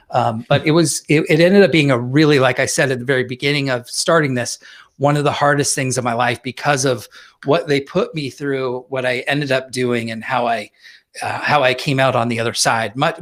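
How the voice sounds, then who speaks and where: A man telling a personal story in a relaxed, halting way, with many fillers and restarts. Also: medium pitch. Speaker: guest. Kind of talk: casual storytelling.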